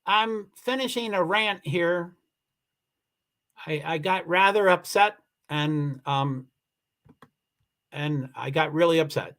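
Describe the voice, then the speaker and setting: A man with a slightly higher voice hosts a casual livestream over a computer mic. He rambles and restarts his sentences as he answers viewer comments, upset and close to tears. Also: slow pace, long pauses, fairly bright tone. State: emotional, near tears. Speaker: livestream host. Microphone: computer mic for a live stream.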